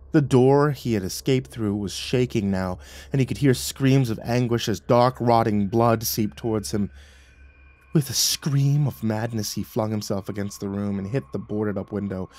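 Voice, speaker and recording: A man narrating a horror story, swinging from hushed to loud and urgent. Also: on the low side.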